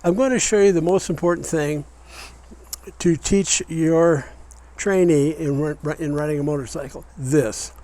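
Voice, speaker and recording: A man's voice: a little high, a little slow, mellow, slight background noise, poor audio. An older man demonstrating motorcycle repair step by step, patiently instructing a learner. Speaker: mechanic teaching motorcycle repair. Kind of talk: hands-on demonstration.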